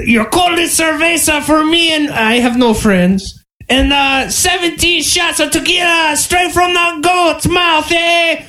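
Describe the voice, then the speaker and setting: Man doing a loud, crude Chupacabra creature, raised pitch, podcast comedy skit. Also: echoey room, exaggerated voice. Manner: shouting, crude, laughing between lines. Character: rowdy thirsty male Chupacabra with a goat.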